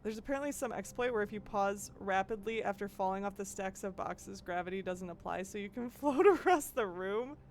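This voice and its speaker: A woman's voice: medium pitch, brisk, hardly any pauses, slight background noise. A woman from the American Midwest doing live gameplay commentary as a streamer, musing aloud, giggling and chatting with viewers.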